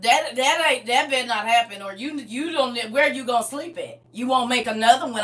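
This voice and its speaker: A woman's voice: fairly high pitch, brisk, fairly bright tone, recorded from a distance. A middle-aged woman chatting on her livestream, playful and boisterous, laughing often. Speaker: livestream host. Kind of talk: casual livestream chat. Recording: voice from away from the mic.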